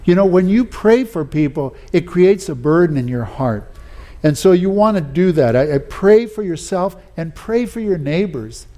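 A man's voice: high-pitched, expressive, moderate pace, dark tone. Folksy preacher man telling stories. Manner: folksy storytelling, many "you know"s and restarts. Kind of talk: sermon with personal anecdotes.

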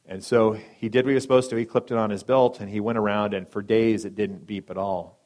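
A man preaching a sermon and telling a story, dramatic, swinging between loud emphatic lines and hushed soft ones, briefly acting out the people in it. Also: fairly low pitch, fairly even intonation, brisk. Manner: acts out quoted speakers in brief voices.

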